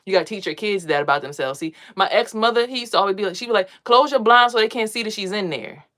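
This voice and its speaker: This adult mother, a spiritual vlogger, speaks to camera in a rambling, foul-mouthed, streetwise way about meditation and energy. She is a fast talker with a medium-pitched, slightly bright voice.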